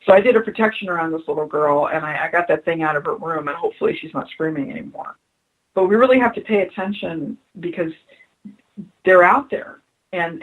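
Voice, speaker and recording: A woman's voice: on the low side, brisk, husky, narrow, tinny audio. A woman being interviewed on radio as a spiritual adviser, telling stories earnestly and repeating her key phrases for emphasis. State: choked up.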